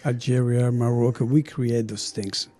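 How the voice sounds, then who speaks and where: A middle-aged man from France with a French accent, a chef chatting in an interview and telling animated stories. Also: mid-range voice, moderate pace. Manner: animated storyteller, acts out dialogue, laughs often. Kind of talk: casual interview chat.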